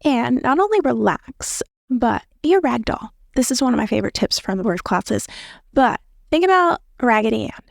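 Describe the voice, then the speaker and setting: A woman's voice: fairly high pitch, lively intonation, moderate pace, creaky, no echo, studio quality. An American woman in her thirties hosting a podcast, talking casually and encouragingly with frequent fillers and laughs. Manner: chatty, encouraging, laughs often, many fillers. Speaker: podcast host, labor nurse. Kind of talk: casual instructional podcast talk.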